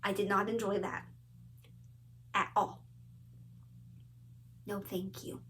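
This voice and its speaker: A woman hosting a craft video, telling a story in a casual, animated way and acting out what people said. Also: mid-range voice, slow, slight background noise. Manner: animated, lots of "like" and quoted asides. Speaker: flosstube host.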